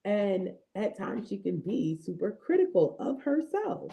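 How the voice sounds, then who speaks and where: A woman in her thirties hosting a faith talk, speaking to viewers in a lively, chatty way and often checking in with "right?" and "okay?". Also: medium pitch, unhurried, creaky. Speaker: host of a faith affirmation show. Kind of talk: casual devotional talk.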